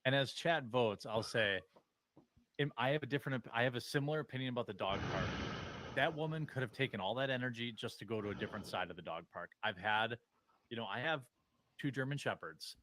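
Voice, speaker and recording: A man co-hosting a casual chat, relaxed and agreeable. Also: medium pitch, fairly quick, a little hiss or hum.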